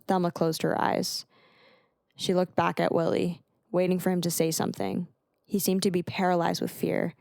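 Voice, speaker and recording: Gravelly low-voiced woman narrator. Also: dry recording. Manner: steady storytelling. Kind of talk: audiobook narration.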